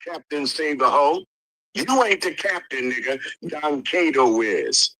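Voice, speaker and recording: Man, heated livestream argument, angry, profane, repetitive insults, bright voice, lively pitch. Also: a little slow, no room sound, rough recording. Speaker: livestream participant. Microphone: streaming call mic.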